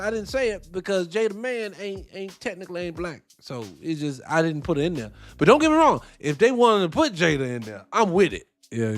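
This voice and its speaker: Animated, high-voiced podcast host, man. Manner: animated, blunt, profane, talks back to chat. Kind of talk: casual opinion commentary.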